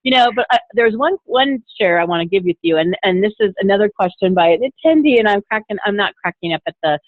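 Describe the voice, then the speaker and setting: A woman's voice: mid-range voice, animated, fast, no room sound. A woman hosting a webinar, friendly and agreeable as she reads out attendee questions. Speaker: webinar host. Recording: tinny phone-like call audio, dry.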